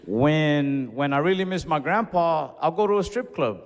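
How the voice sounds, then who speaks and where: Young male stand-up, slightly high voice, laid-back storytelling, live hall reverb. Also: expressive, moderate pace, hardly any pauses, background noise. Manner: casual, conversational storytelling with Spanish asides. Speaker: stand-up comedian. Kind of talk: stand-up routine. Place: comedy club stage before a laughing audience. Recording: live stage mic with long hall reverb.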